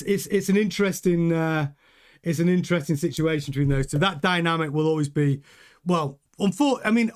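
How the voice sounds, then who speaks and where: A man hosting a racing news show with a high voice. He talks loosely and jokingly, often restarting his sentences as he goes. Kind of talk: casual news commentary with live chat.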